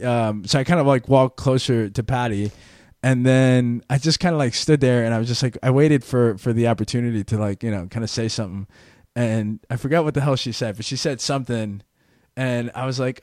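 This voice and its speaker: A man's voice: mid-range voice, normal speed, darkish tone, no echo, studio quality. A man hosting a podcast alone, telling a story casually, rambling with frequent restarts and little laughs. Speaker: podcast host. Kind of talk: casual solo podcast monologue.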